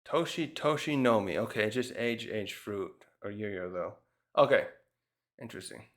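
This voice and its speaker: A man casually reviewing a manga chapter, thinking out loud and often restarting his sentences. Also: lowish voice, a little slow.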